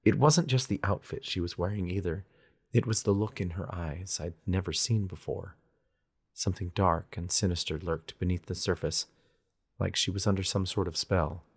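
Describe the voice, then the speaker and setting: A man's voice: low voice, normal speed, husky. A man narrating a romance audiobook in first person with an intense, dramatic delivery.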